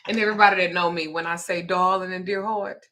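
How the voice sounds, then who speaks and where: A woman's voice: on the low side, sharp tone, slight background noise. A grandmother talking casually, blunt and profane, laughing as she tells stories. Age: older. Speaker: host. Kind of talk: casual chat.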